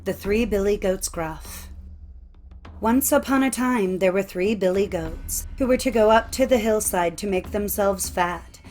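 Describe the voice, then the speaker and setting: A woman reading old folk tales aloud in a measured storytelling cadence. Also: medium pitch, darkish tone. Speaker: narrator. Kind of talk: scripted storybook narration.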